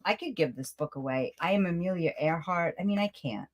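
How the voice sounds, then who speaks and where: A middle-aged woman from Brooklyn, New York, hosts a self-help challenge series, talking casually to camera from a room at home. Her lowish voice runs a little fast, chatty and animated, rambling with asides. The sound is clean and studio-like, with no room sound.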